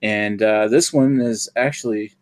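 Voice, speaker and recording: A man from New Brunswick chatting on a livestream, relaxed and matter-of-fact with dry jokes. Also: on the low side, measured pace. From New Brunswick, Canada. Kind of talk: casual chat on a livestream.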